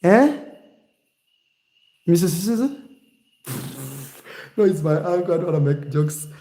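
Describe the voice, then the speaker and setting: Male vlogger, slightly high voice, animated and teasing, casual delivery. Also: quick pace. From Kenya. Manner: animated, teasing, shifts to mock accents. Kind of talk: casual vlog talk.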